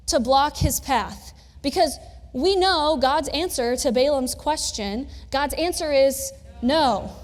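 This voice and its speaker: A young woman preaching a sermon in a casual, conversational storytelling manner with touches of humor, recorded in a church. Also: high-pitched. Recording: long church reverb.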